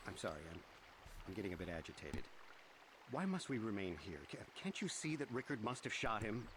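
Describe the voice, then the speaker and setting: An uneasy murder suspect from a video game, pleading his innocence with a lively, swinging pitch and a somewhat low voice. His talk comes through over loud background noise. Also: brisk. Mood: defensive. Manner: defensive, agitated, lively pitch. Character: nervous middle-aged male murder suspect.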